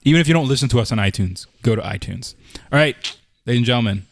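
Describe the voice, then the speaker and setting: A Canadian podcast co-host races through a rambling anecdote, his medium-pitched voice lively and fast, constantly saying "like" and "I'm like" in easygoing chat. Slight hiss or hum sits under the audio.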